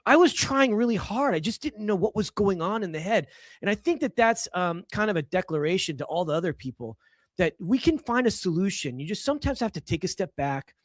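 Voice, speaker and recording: A man's voice: high-pitched, lively intonation, a little fast, dry recording, clean studio sound. A middle-aged man from Los Angeles, a podcast guest, telling a personal story with emphatic energy and frequent restarts. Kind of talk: casual storytelling.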